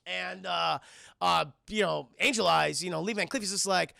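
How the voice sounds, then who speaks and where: A man's voice: sits high, normal speed, gravelly, sharp tone, no echo, clean studio sound. A man casually recapping a film scene by scene for a live chat, rambling and swearing, laughing as he goes. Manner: rambling, profane, laughs often, addresses chat. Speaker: film review streamer.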